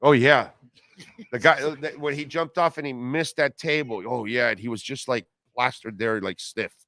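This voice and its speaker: A man's voice: medium pitch, moderate pace, sharp tone, dry recording. A man hosting a live sports radio show, ranting sarcastically and reading listener comments. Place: car dealership live broadcast.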